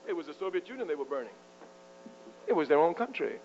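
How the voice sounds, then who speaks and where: A man's voice: fairly high pitch, big pitch swings, quick pace, a little mellow. A man giving a fiery, provocative political lecture to a live audience. He is emphatic and keeps chuckling at his own jabs. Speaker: political speaker. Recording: muffled lo-fi with faint mains hum.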